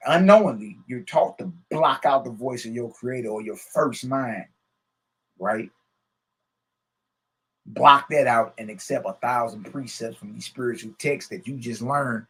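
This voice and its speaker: A man with a mid-range, breathy-edged voice teaches a religious lesson a little slowly, reading from scripture. He keeps interrupting himself with laughing, casual remarks and repeated questions like "Hmm?" and "Huh?".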